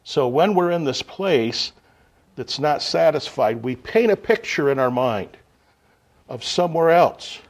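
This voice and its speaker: A man preaching a sermon to a gathering, unhurried, swinging from loud emphasis to quiet asides. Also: a little high, animated.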